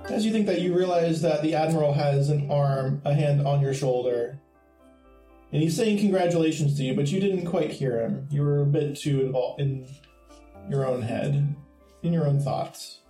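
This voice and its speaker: Mellow-voiced man running a tabletop game. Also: fairly high pitch, moderate pace, soft background music. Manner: descriptive, laid-back. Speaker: game master. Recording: echoey room.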